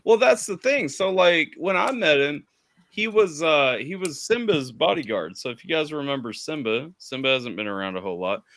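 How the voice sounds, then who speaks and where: Bright-voiced man telling a story. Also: a little high, moderate pace. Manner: animated storytelling, swearing. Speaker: streamer host. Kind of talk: casual stream chat.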